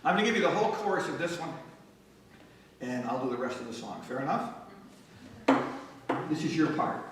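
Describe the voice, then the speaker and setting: A man's voice: on the high side, animated, a little fast, slight background noise. A man telling jokey stories between songs at a live folk concert, coaxing the audience to sing along. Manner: chatty, joking, coaxes audience to sing along. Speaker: folk musician. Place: public library event room. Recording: echoey room, far-off mic, guitar.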